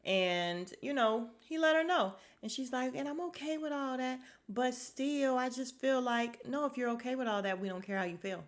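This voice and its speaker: A young woman from Chicago hosting a podcast, giving a blunt, sassy recap of a reality dating show and talking straight to her listeners. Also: mid-range voice. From Chicago, USA. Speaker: podcast host.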